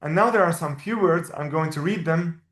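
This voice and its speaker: A man whose first language is Arabic, teaching a language lesson and patiently repeating each word slowly. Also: a little high, fairly bright tone. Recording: roomy echo.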